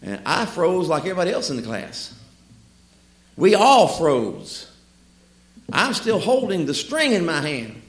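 A male preacher who tells humorous, folksy stories from the pulpit. His pitch sits a touch high and swings widely, and his voice rings with a roomy echo. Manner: storytelling, humorous, lively asides. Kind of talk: sermon. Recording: echoey room.

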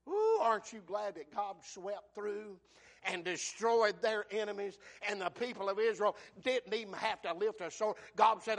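A man preaching a sermon, telling Bible stories in a folksy way and swinging from hushed to shouting. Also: high-pitched, unhurried.

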